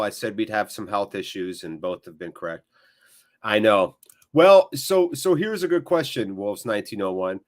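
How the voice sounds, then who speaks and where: A man hosting a live football watchalong, switching between excitable play-by-play and chatty replies to viewers. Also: medium pitch. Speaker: watchalong host. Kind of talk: live match watchalong commentary.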